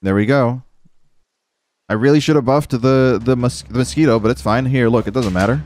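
With a mid-range, somewhat dark voice at a moderate pace, a man streams a game and chats to himself about it. He pokes fun at his own plays, drops the occasional swear word, and keeps saying "dude."

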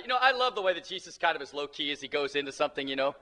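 A man's voice: on the high side, racing. A male preacher giving a sermon who retells a scripture story and calls out for amens from the congregation. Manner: animated, emphatic, calls for amens.

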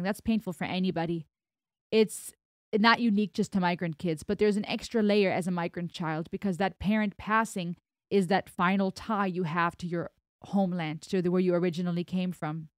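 A woman's voice: fairly low pitch, fairly even intonation, brisk, darkish tone, no echo, clean studio sound. A woman from Germany with an American accent, giving reflective reaction commentary on a song as host and explaining her thoughts at length.

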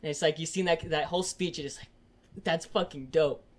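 A podcast co-host with a fairly high voice and fairly even intonation talks quickly in a casual chat. He retells film scenes in a rambling, profane way, with lots of fillers.

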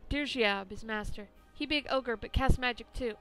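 A woman's voice: on the high side, normal speed, bright, forceful tone, faint music behind. A woman reading out a captive male bugbear's lines in broken, caveman-like grammar. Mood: explaining. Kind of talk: reading game dialogue aloud.

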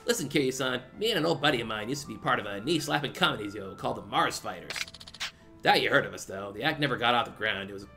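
A man's voice: mid-range voice, expressive, fast talker, close to an everyday voice. A man voicing a washed-up comedian who rambles in a folksy, self-deprecating way, with game music behind. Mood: mopey.

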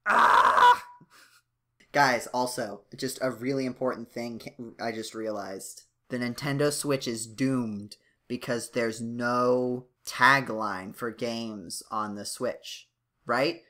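A young man speaks slowly on a casual gaming podcast. He giggles between lines, stumbles and restarts, and keeps asking the others how things work. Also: mid-range voice, fairly even intonation, pushed and bright. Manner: giggly, halting, asks lots of questions. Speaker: podcast co-host. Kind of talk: casual chat.

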